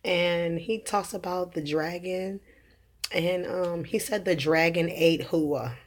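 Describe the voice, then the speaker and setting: A woman's voice: lowish voice, takes it slowly. Rambling woman preaching casually. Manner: rambling, many fillers and restarts, laughs at her own jokes. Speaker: religious vlogger.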